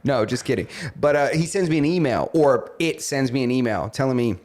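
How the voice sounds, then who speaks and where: Here a male podcast co-host speaks at medium pitch, fairly quickly and with few pauses. Chatting casually, he narrates a story with animation and acts out the quoted voices of its characters.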